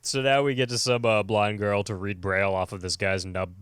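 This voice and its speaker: A man hosting a casual horror podcast, recapping an episode with laughter and quick character voices. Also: lowish voice, little pitch movement, fairly bright tone, clear, resonant tone, dry recording, clean studio sound. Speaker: podcast host.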